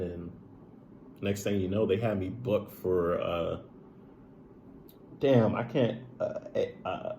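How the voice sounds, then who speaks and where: A man's voice: sits low, a little mellow, slight background noise. A man retelling a painful personal story in a casual, emotional, profane way, full of "like" and "bro". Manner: emotional, profane, filler-heavy, says "bro" often.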